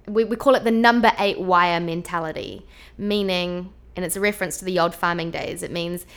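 A woman's voice: on the low side, clean tone. A woman from New Zealand with a New Zealand accent, a guest chatting casually in an interview and laughing often.

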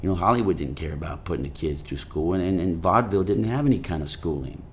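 A man talking as an actor guest in a casual interview, rambling with many "you know" fillers and animated storytelling. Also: low-pitched, quick pace, slight background noise. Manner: animated storytelling, voices his grandfather.

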